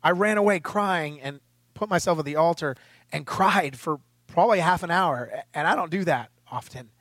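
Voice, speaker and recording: A middle-aged male pastor with a notably high voice delivers a sermon in an emphatic, conversational way, throwing rhetorical questions at the congregation. At times he grows tearful and choked. The sound is dry and close, with no room around it. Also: normal speed, fairly bright tone, dry recording.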